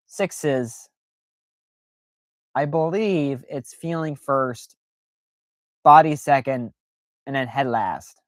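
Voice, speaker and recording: A man's voice: mid-range voice, no room sound. A man chatting casually on his livestream, rambling with lots of fillers and restarts, sometimes jumping into playful exaggerated voices. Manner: animated, jumps into playful exaggerated quoted voices. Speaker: livestream host.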